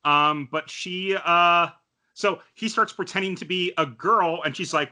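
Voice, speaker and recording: Male podcast co-host, bright and slightly high, casual recap chatter. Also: a little slow. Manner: chatty, many fillers, acts out quotes. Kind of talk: casual anime review chat.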